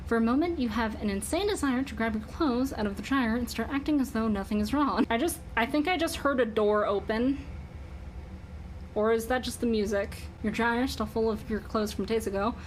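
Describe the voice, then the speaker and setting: A woman streaming a text adventure game, who reads the game's narration aloud in an even, deliberate voice and breaks into frustrated swearing. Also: on the high side, a little hiss or hum.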